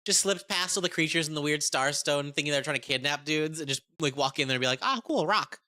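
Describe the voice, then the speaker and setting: A woman chatting excitedly about a tabletop game, profane and rambling, often restarting her sentences. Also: deep voice, fast talker. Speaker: game content creator. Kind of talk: casual tabletop game review.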